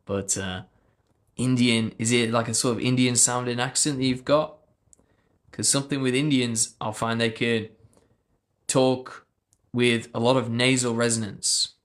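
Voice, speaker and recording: A man's voice: medium pitch, steady tone, unhurried, long pauses. A man, a speech coach, chatting casually on a livestream and answering viewers. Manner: chatty, loose, fillers, answers viewer comments.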